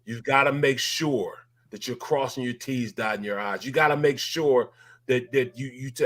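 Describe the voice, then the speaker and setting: A middle-aged former NFL lineman, appearing as a guest analyst, talks sports in a mid-range, slightly bright voice at normal speed. He's fired up and emphatic, repeating his points.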